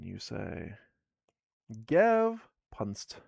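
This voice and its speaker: Sleepy, gravelly man streaming a board game. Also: mid-range voice, sing-song, a little slow, darkish tone, no echo, studio quality. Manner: rambling, self-deprecating, reads game text aloud. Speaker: streamer running a solo tabletop game. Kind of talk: casual live-stream narration.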